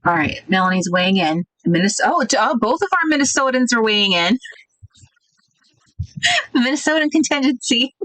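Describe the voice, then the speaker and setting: A woman's voice: fairly high pitch, lively intonation, normal speed, long pauses, dry recording, low-quality recording. Chatty woman host, dry sound. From United States. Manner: chatty, thinks out loud, reads viewer comments. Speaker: craft livestream host. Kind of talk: casual livestream chat.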